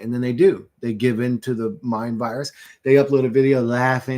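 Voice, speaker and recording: A man's voice: medium pitch, fairly even intonation, normal speed, darkish tone. A man in his thirties hosting a livestream, ranting in a rambling, profane, conspiratorial monologue into a computer mic at his desk. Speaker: livestream host.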